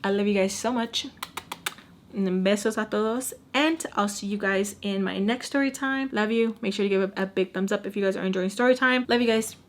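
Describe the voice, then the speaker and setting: A woman's voice: medium pitch, fairly quick. A young woman in her twenties casually telling a personal story, acting out her own lines and repeating phrases for emphasis. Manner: dramatic, acts out her own past lines in quotes. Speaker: storytime vlogger.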